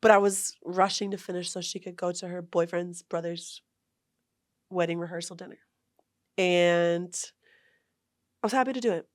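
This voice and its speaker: Animated woman retelling a story, dry sound. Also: lowish voice, moderate pace, pauses often, dry recording. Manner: animated, retells arguments with lively quoted voices. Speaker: guest, long-distance hiker. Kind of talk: casual storytelling interview.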